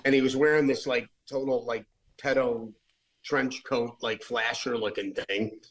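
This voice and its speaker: A man's voice: medium pitch, fairly even intonation, measured pace, a bit bright, low-quality recording. A late-middle-aged man, a rock musician guest, telling stories in a casual, rambling way, full of restarts and fillers. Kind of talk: casual storytelling.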